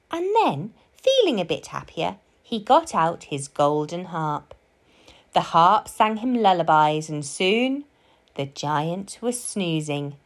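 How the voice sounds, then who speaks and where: Woman storybook reader, slow, expressive, melodic read-aloud. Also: fairly low pitch. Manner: slow, sing-song and expressive.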